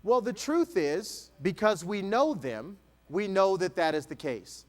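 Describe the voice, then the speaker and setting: Man, motivational keynote speaker, slow deliberate delivery, rhetorical questions, long hall reverb. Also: high voice, animated. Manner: rhetorical questions with dramatic pauses. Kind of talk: motivational speech to an audience.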